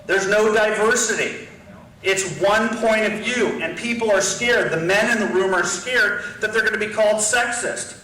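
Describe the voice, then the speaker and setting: A man's voice: sits high, normal speed. A man giving an impassioned political lecture in a combative way. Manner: forceful, combative, acts out whispered asides. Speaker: guest lecturer. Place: large university lecture hall. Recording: roomy hall, voice from far off the mic, faint noise.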